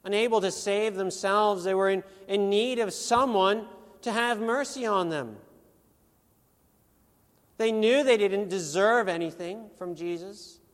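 Preaching in a large hall where his voice echoes long, a high-voiced man speaks with slow deliberation. He presses each point earnestly and emphatically, posing pointed rhetorical questions.

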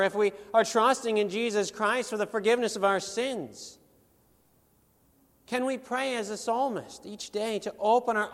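A man with a high voice preaches a sermon slowly and deliberately. He presses his points in an earnest, emphatic way, with pointed rhetorical questions, and his voice rings with a long echo through a large hall.

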